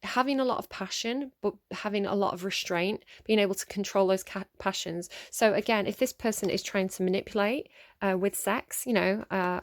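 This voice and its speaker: A woman's voice: mid-range voice, moderate pace, no room sound, studio quality. A woman giving a casual tarot reading. She rambles, with lots of fillers and sighs. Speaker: tarot reader.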